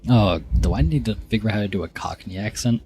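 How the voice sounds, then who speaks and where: A man's voice: lowish voice, fast, a little mellow, slight background noise. A man chatting casually while live-streaming a game, rambling and joking about himself with small stumbles.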